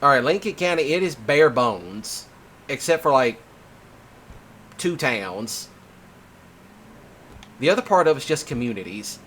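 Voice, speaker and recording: A man hosting a casual chat, telling stories in an animated way, laughing often and swearing freely. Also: medium pitch, unhurried, long pauses, a little hiss or hum. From Mississippi. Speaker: host.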